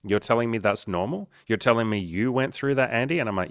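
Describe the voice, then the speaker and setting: A man's voice: mid-range voice, fast talker, dry recording, clean studio sound. A young man, a coach, talking straight to camera in a blunt, profane, earnest and encouraging way. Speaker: dating and life coach. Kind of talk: casual direct-to-camera talk.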